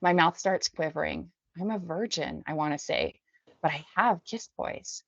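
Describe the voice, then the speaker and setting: A woman from the Bay Area, a podcast guest, reading her memoir aloud in a measured, subdued way. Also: low-pitched, a bit bright, dry recording. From San Francisco Bay Area. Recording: dull dry lo-fi recording.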